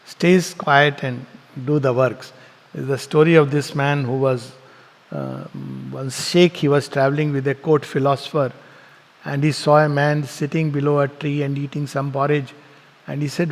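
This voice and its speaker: High-voiced man lecturing in a hall. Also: moderate pace, vocal fry. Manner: storytelling, laughs often, rhetorical questions. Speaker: spiritual teacher. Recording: long reverb in a hall.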